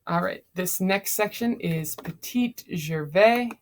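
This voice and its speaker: A woman's voice: fairly low pitch, takes it slowly, a little hiss or hum. A young woman casually summarizing a novel chapter for a class, tired, with many fillers. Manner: chatty, frequent fillers.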